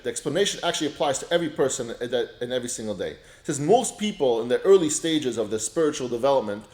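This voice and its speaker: A man's voice: fairly high pitch, reverberant. A man teaching an informal Torah class, explaining ideas with many restarts and a storytelling manner. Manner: storytelling, drops soft when telling a story, many restarts.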